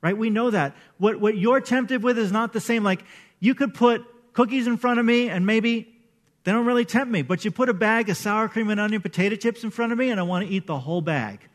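A male pastor preaching a sermon in a conversational, animated way, acting out the people he quotes. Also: high-pitched, brisk.

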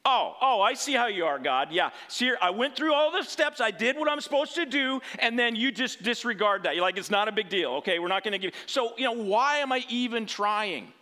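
A man's voice: very high-pitched, animated, a little fast, hardly any pauses, sharp tone, pitched above the performer's own voice, heavily acted. A man preaching a sermon voices a resentful young man, whiny and passive-aggressive, stammering and mocking. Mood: indignant.

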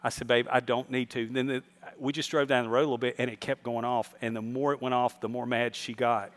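A man's voice: medium pitch, level tone, quick pace. A middle-aged man, a pastor telling a funny story from the pulpit to his congregation during a church service. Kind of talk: sermon.

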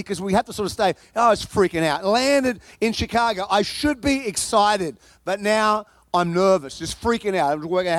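A male pastor preaching a sermon, telling a personal story in an animated, comic way and often repeating and restarting his words. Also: sits high, fairly quick, no room sound.

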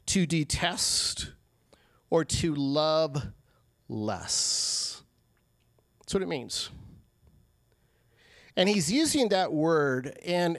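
A male pastor giving a sermon in a conversational way, with quick asides and acted-out quotes. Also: a little high, no echo.

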